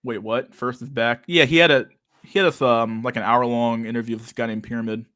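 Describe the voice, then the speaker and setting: Speaking briskly at a medium pitch with little rise and fall, the young male livestream host reads chat messages in a casual session. He lisps, stutters and fills gaps with lots of fillers, his slightly bright voice recorded cleanly in a studio with no room sound.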